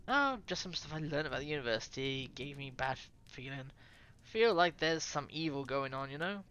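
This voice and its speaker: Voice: medium pitch, expressive, normal speed, a bit bright, a little hiss or hum, close to an everyday voice. A streamer voicing a young woman heroine from a visual novel in a casual, wry way. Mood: uneasy. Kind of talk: reading a visual novel aloud.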